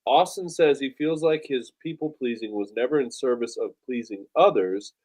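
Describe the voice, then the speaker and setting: A man's voice: medium pitch, moderate pace. A man co-hosting a podcast, telling stories animatedly, swearing and acting out his own thoughts. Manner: animated storyteller, swears a lot, acts out his own inner voice. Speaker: podcast co-host. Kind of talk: casual podcast chat.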